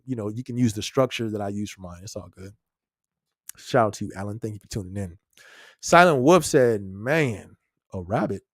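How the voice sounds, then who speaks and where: Male podcast host, casual and slangy, mid-pitched voice, dry close recording. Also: no echo. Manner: laid-back, chuckles often, slangy. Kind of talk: casual live-stream chat.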